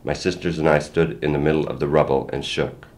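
An older man reading his own first-person story aloud in a plain, measured way. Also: very deep voice, level tone, darkish tone. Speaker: memoir reader.

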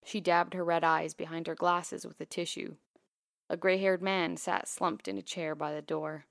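A woman narrating a first-person memoir in a quiet, measured, intimate way. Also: lowish voice, little pitch movement, creaky, dry recording, studio quality.

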